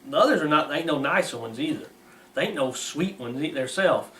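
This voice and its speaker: A man with a fairly high voice gives blunt, scornful moral commentary, reading from a text and mocking as he goes. His folksy grammar comes through plainly. The sound is roomy and distant from the mic, with a faint hiss behind it. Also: expressive, a little fast, pushed and bright. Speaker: preacher.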